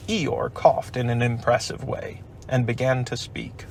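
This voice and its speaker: A man narrating a children's storybook aloud at home in an unhurried, expressive manner. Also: mid-range voice, creaky, a little hiss or hum. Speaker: audiobook narrator. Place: home, family baking nearby. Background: faint household sounds of cookie making.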